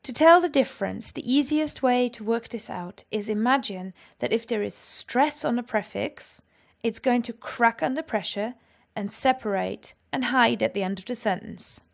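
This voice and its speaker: A woman explaining grammar in a clear, patient lesson. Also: a little high, moderate pace, few pauses. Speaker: language teacher.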